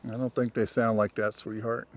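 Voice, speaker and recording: A man's voice: on the low side, little pitch movement, normal speed. A man chatting casually while walking a trail outdoors, joking and teasing often. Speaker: vlogger.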